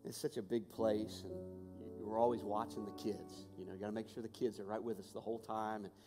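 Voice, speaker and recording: A man preaching a sermon and telling a personal story, swinging between hushed and raised voice with passion. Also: fairly low pitch, steady tone, brisk. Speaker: pastor. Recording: long hall reverb with music behind.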